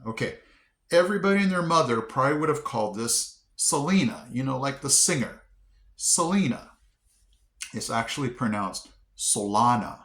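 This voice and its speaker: A man chatting casually to his viewers, sounding out words haltingly with lots of fillers. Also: mid-range voice, a bit bright, echoey room. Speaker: vlogger. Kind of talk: casual chat to camera.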